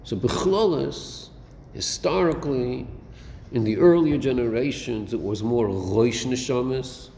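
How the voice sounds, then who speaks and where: This classroom lecture on a Chassidic text comes from a male Torah teacher with a medium-pitched, gravelly, mellow voice and a measured pace. He poses rhetorical questions and blends Hebrew terms into his English. Sound is from an echoey hall, with faint noise.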